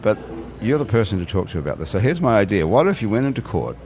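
A man with a lowish voice talks fast and with lively swings in pitch. He hosts a loose, joking podcast conversation recorded in a bar. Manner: joking, quick questions. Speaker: podcast host. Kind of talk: casual bar chat.

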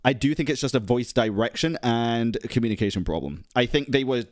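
A man's voice: mid-range voice, animated, brisk, no room sound. Male streamer, sweary and argumentative, dead-dry sound. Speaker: streamer reacting to a video. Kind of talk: casual reaction chat.

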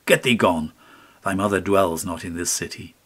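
Rough bearded soldier, read by a man, jeering and harsh, low-pitched. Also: normal speed, a bit bright. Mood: mocking. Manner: mocking, harsh. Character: rough black-bearded male city guard.

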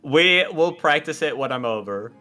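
A friend on a stream chatting casually, explaining things in a soft, trailing way. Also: medium pitch, lively intonation, moderate pace, soft background music. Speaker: streamer friend playing along.

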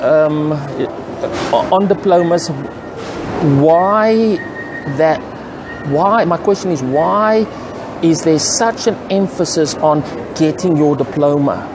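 A man's voice: fairly high pitch, slow. A man who runs a computer training business gives his opinion straight to camera in a casual, earnest vlog, often repeating and restarting words as he thinks aloud. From South Africa. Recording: outdoor traffic noise clearly audible.

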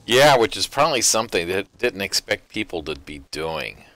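A man's voice: sits low, sing-song, moderate pace, a bit bright. A man chatting easily with his partner while they play an online game at home, musing aloud and humming. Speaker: gamer co-playing online game. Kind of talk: casual gameplay chat.

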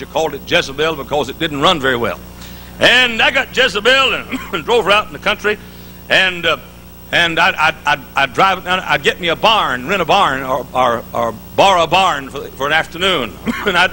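A middle-aged preacher delivers a sermon in a large hall, spinning folksy stories full of jokes and restarts. His voice sits high. His delivery is sharp and forceful. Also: a little hiss or hum. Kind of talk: live conference sermon.

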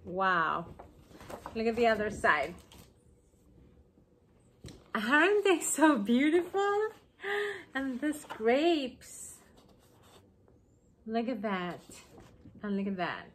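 A woman chatting excitedly on her home craft vlog, gushing over gifts she received. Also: fairly high pitch, a little hiss or hum. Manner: gushing, excited, slow-paced. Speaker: craft vlogger. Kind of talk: casual vlog chat.

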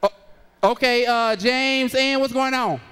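A man voicing a young woman taken aback on a phone call, her questions high and incredulous. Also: steady tone, unhurried, a bit bright, smooth, in a large hall.

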